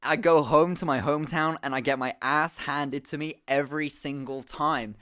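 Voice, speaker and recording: A young man chats to his stream with a slightly high voice, swearing and restarting his sentences as he rambles through a story. He sounds animated and casual, stepping off into asides as he goes. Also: moderate pace, clear, resonant tone. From England. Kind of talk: casual storytelling to a live chat.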